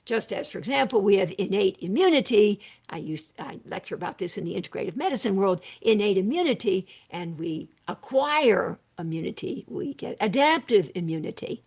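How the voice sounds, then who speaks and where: An older woman psychiatrist talking in an animated, emphatic way over a video call interview, with quick asides. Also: mid-range voice, creaky, breathy edge.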